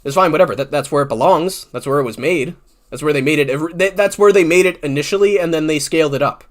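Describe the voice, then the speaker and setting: A man's voice: fairly high pitch, quick pace. A man, a YouTuber, ranting about online comments in an exasperated, sarcastic way, swearing often and restarting his sentences.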